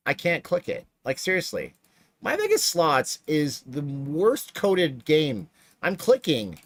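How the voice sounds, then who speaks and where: A man's voice: on the high side, slow, no echo. A man hosting a casual livestream from his home streaming room, rambling and joking while he plays slots. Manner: rambling, jokey, animated. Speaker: livestream host.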